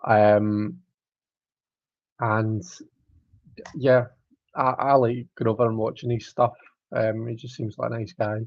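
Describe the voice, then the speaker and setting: A man's voice: on the low side, little pitch movement, slow pace, long pauses, no room sound. A man in his thirties hosting a casual tarot live stream, chatting in a rambling way and reading viewer comments aloud. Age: 30s. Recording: dull lo-fi stream audio.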